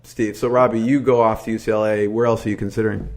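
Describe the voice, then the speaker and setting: A man hosting a casual interview podcast, chatty and eager, firing quick follow-up questions. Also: on the low side, little pitch movement. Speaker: podcast host.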